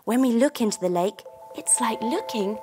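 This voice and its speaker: A woman's voice: a little high, expressive, normal speed, music in the background. A woman leading a children's yoga class through a story, giving encouraging instructions and making playful sound effects.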